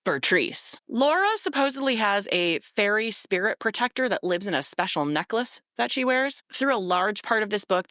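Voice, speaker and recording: A woman's voice: medium pitch, pushed and bright, no room sound, clean studio sound. A woman co-hosting a podcast, recapping a novel in casual chat, sarcastic and exasperated, swearing freely. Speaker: podcast co-host.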